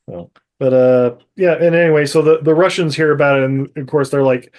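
A man casually recapping a movie on a podcast, laughing often and mocking the characters in quick put-on quotes. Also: medium pitch, steady tone, a little mellow. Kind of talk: casual chat.

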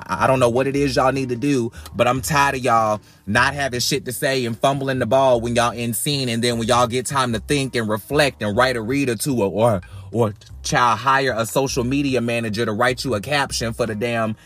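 A man hosting a podcast, ranting bluntly and profanely about reality TV in a casual, animated way, often repeating words as he goes. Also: medium pitch. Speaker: podcast host.

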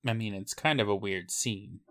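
A man's voice: fairly low pitch, moderate pace, a bit bright. A man co-hosting a podcast, chatting casually with wry, laid-back reactions. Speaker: podcast co-host. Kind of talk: casual chat.

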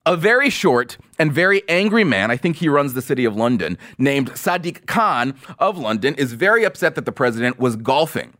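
A man hosting an opinion podcast, talking in a sarcastic, mocking and animated way. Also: medium pitch, brisk, few pauses. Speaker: podcast host.

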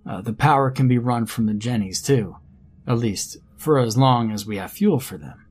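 A man's voice: medium pitch, normal speed, breathy edge, faint music behind, close to an everyday voice. A man voicing an eager male survivor. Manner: excited explaining.

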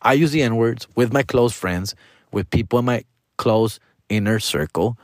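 A man's voice: medium pitch, unhurried, dry recording, studio quality. A man in his forties hosting a podcast, talking in a casual monologue that is full of profanity and slang and sprinkled with Spanish phrases. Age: 40s. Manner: profane, slangy, frequently addresses listeners as dog and fool. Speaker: podcast host.

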